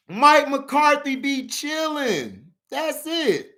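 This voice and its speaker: A man hosting a casual sports vlog, ranting animatedly about football, laughing often and shouting for emphasis. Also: extremely high pitch, lively intonation, slow pace.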